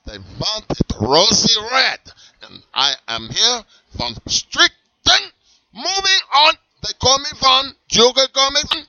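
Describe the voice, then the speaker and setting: Put-on German accent, strict whip-selling peddler, barking, menacing, high sharp voice, swinging pitch. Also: male voice, very animated, slow pace, muffled recording, exaggerated voice. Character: strict, shouty male German leather and whip seller with an eye patch. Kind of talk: comedy sketch character.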